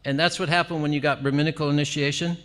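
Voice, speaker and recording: Man, devotional talk, animated, fairly high pitch, bright forceful tone, long hall reverb. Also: fast. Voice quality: animated, exclamatory, frequent laughs. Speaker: visiting speaker at a temple gathering. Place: temple hall.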